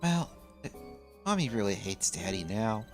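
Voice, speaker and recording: A man's voice: on the low side, sing-song, normal speed, over music. A man voicing a shy little girl who stammers and hesitates, reading game dialogue aloud. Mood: timid.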